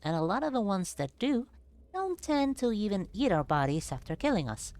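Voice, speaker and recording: A woman's voice: medium pitch, sing-song, normal speed, darkish tone, no echo. A woman streamer chatting casually while playing a game, playfully singing nonsense ditties and rambling about animals. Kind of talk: casual gameplay commentary.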